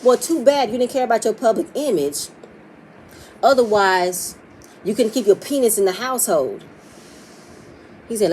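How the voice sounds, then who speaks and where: A woman's voice: fairly high pitch, expressive, moderate pace, pauses often, noisy background. A woman recapping a reality TV episode, talking bluntly and profanely and acting out what the cast said. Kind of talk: casual opinionated episode recap.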